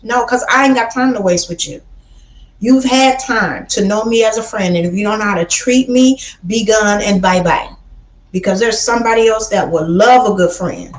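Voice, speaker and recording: Woman from Chicago, livestream host, blunt and preachy, mid pitch, roomy echo. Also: normal speed. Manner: blunt, preachy, says baby a lot. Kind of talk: casual livestream talk.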